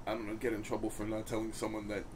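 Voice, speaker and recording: A man's voice: lowish voice, completely flat delivery, darkish tone, a little hiss or hum. Easygoing male podcast host. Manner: easygoing, encouraging, halting questions. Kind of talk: casual interview chat.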